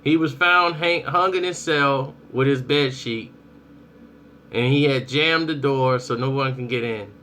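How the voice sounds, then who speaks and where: A young adult man giving casual spoken commentary on his channel, telling stories in a lively way and acting out people's reactions. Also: mid-range voice, measured pace, slight background noise. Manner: animated storytelling, acts out reactions. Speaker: vlogger.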